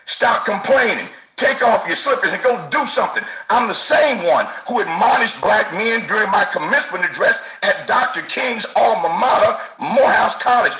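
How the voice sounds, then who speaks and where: A man puts on a mock ex-president who preaches and scolds in call-and-response style, laughing as he goes. The voice is bright and sits high. The clip sounds roomy, with faint music behind. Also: heavily acted. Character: male former president, mock sermon of self-defense. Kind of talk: satirical comedy impression.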